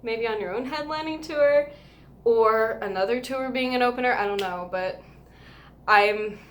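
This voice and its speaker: A woman vlogger telling a casual story, gushing and emotional, overwhelmed with happiness and rambling with a steady stream of fillers. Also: on the high side, measured pace, slight background noise.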